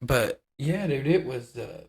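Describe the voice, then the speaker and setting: A man's voice: mid-range voice, takes it slowly, breathy edge. Rambling man co-hosting a podcast. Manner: rambling, hedging, many restarts. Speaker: podcast co-host. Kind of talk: casual chat.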